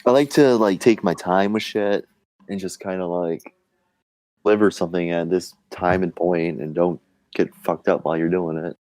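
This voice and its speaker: A man's voice: low-pitched, steady tone, normal speed, a little mellow, low-quality recording. A young man telling a story casually as a podcast co-host, rambling and swearing, with "like" and "man" in nearly every phrase. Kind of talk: casual profane chat.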